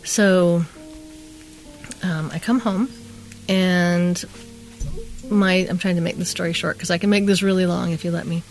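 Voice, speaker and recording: A woman's voice: on the low side, steady tone, measured pace, long pauses, soft background music. A middle-aged woman casually telling a long personal story on a chat show, rambling and acting out what people said. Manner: rambling, chatty, re-enacts quoted dialogue. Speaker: podcast co-host telling a story.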